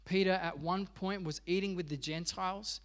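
A man's voice: high-pitched, steady tone, moderate pace, long reverb tail. An Australian man preaching a sermon as pastor, telling stories with humor and animation. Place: church.

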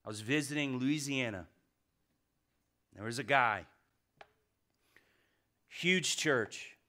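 Middle-aged male pastor, bright tone, sermon delivery with call-and-response questions, dynamic swings from loud to quiet. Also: medium pitch, takes it slowly. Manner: preaching with questions to the congregation, swinging from loud to hushed.

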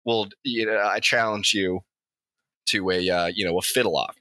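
A man's voice: on the low side, fairly even intonation, normal speed, pushed and bright, no room sound. Man playing a crude male devil, bored, dismissive, swearing, dry close sound.

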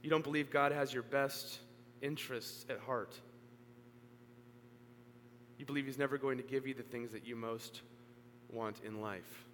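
A man preaching in a church auditorium, mid-pitched and earnest. He swells to emphatic peaks and then sinks to a hush. His voice rings with long reverb, over a faint hum. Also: steady tone, measured pace, pauses often. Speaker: pastor. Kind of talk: sermon.

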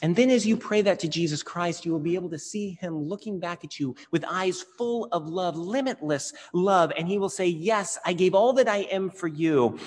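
Earnest preacher in a reverberant hall. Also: male voice, sits high, moderate pace, few pauses, a little hiss or hum. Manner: earnest, swelling with emphasis on key phrases. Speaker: pastor. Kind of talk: sermon. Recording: long reverb of a large hall.

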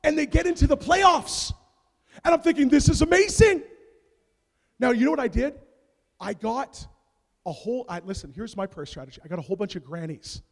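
A man from Canada with a very high voice preaches and tells his story in a sanctuary, the sound ringing in a long hall reverb. He is an animated storyteller who drops into quiet asides and then bursts into shouts. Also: a little fast, creaky. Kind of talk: sermon storytelling.

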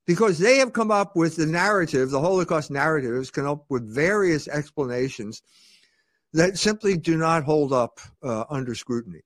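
A man's voice: on the high side, expressive, normal speed, no room sound. A man being interviewed, arguing his case with rhetorical questions and frequent restarts. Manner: rhetorical questions, repeats words when starting sentences. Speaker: guest. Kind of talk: argumentative interview talk.

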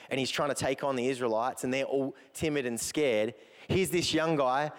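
A man with a high, ringing voice delivers an impassioned sermon, often doubling words as he presses his points. His voice carries a long reverb tail from a large church hall. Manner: impassioned preaching with frequent word repeats. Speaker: pastor.

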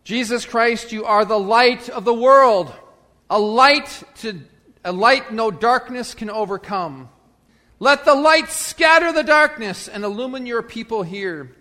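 A man preaching as pastor, reading and praying with a measured, emphatic delivery that swells and falls. His voice sits high for a man. Long church reverb trails after each phrase. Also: sharp tone. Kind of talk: sermon with gospel reading and prayer.

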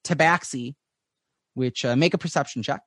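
A man narrating as game master of a tabletop game, rambling with many pauses. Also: medium pitch, a bit bright, dry recording, clean studio sound.

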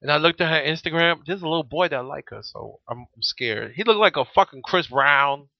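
Animated joking man, lively pitch. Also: fairly quick, vocal fry, dry recording. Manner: profane, joking, animated storytelling. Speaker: podcast co-host. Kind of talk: casual chat. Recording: muffled lo-fi audio.

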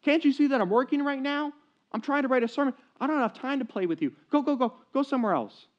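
A man's voice: very high-pitched, animated, fast talker, voice pushed up. A man voicing a stressed young pastor father who scolds sharply, in a dull lo-fi recording. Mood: angry. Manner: snapping, scolding.

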